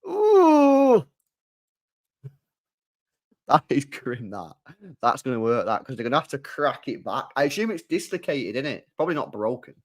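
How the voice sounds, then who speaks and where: Excitable young streamer. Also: male voice, medium pitch, moderate pace, pauses often. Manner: excitable, shouting groans of disgust. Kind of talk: live football watchalong commentary.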